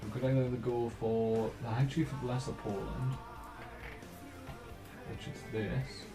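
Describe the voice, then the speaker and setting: A man hosting a let's play, commenting casually on his strategy game and thinking aloud in a relaxed, musing way. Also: mid-range voice, a little slow, roomy sound, music in the background.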